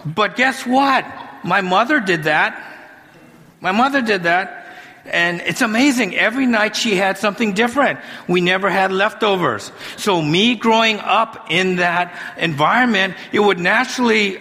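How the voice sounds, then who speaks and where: A male pastor preaching a sermon in a conversational, animated way, with humorous asides. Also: sits high, normal speed. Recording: long hall reverb.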